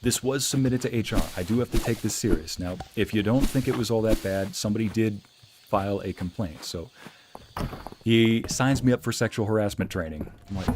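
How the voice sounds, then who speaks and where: A man streaming a game, telling a story in casual chat and acting out the quoted lines in a raised voice. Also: on the low side. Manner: animated, acts out quotes in a raised voice. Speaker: streamer and narrator. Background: faint background music.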